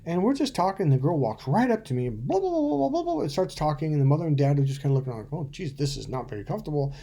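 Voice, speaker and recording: Middle-aged guy doing dating advice to camera, blunt, cusses a lot, kinda raspy. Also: a little high, huge pitch swings, fast talker, dark tone. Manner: blunt and profane, storytelling with acted-out quotes. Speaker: dating coach. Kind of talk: casual to-camera coaching talk.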